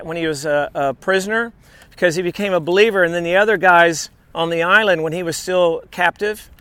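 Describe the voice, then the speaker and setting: Male pastor, high bright voice, dry close sound, chatty sermon delivery. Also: dry recording. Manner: conversational preaching with asides and restarts.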